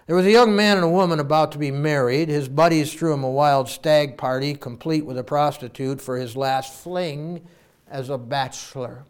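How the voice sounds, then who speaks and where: A male preacher tells a story in a sermon with a smooth, resonant voice sitting a little high for a man. He performs it, swinging from loud pleading lines to hushed, heavy ones.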